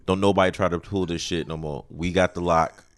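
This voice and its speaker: A man's voice: deep voice, fairly even intonation, fairly quick. A man co-hosting a casual podcast, talking emphatically and swearing freely. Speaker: podcast co-host.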